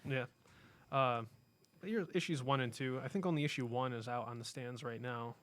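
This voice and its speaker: A man's voice: mid-range voice, moderate pace, a bit bright, no room sound. A man co-hosting a casual podcast in a comic shop, rambling and correcting himself as he talks about comics. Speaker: podcast co-host. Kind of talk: casual chat.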